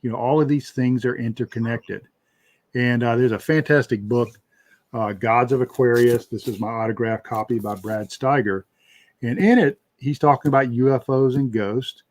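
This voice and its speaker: Male guest, mid pitch, relaxed rambling delivery with lots of "you know", dry close mic. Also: moderate pace, dry recording. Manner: relaxed, rambling, many fillers. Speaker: paranormal researcher guest. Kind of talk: casual interview talk.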